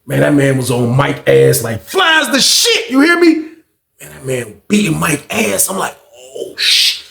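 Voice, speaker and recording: A man telling a story casually, animated and profane, acting out scenes with sound effects. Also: on the high side, moderate pace, gravelly, echoey room.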